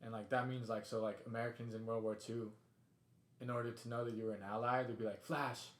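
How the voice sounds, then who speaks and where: A man's voice: mid-range voice, flat delivery, fast talker. Laid-back guy rambling, roomy sound. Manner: rambling, laid-back, says dude and bro. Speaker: podcast co-host. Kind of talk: casual chat. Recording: roomy echo.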